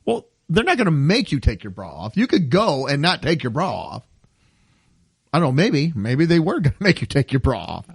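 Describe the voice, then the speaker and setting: A man's voice: on the high side, huge pitch swings, moderate pace, vocal fry, slightly rough, no room sound. A man co-hosting a comedy podcast, reading odd news stories aloud and joking about them with frequent laughs. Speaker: podcast co-host. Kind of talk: casual comedy podcast chat.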